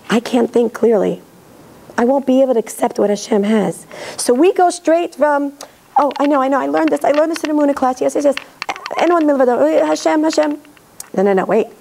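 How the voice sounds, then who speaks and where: In a synagogue hall, a high-pitched woman whose voice is hoarse with laryngitis delivers an earnest and lively religious lecture, performing snippets of dialogue for her audience. The recording quality is low.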